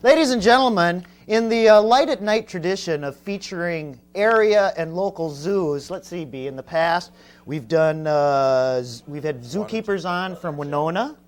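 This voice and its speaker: A man's voice: high-pitched, normal speed. A man hosting a comedic talk show. He speaks in a mock-formal way and stumbles over fillers.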